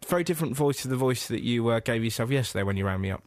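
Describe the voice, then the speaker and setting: Lively young man telling a story. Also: medium pitch, no room sound, clean studio sound. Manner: animated, laughing storyteller, quick impressions. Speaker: radio host. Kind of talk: comedic radio banter. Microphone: studio mic.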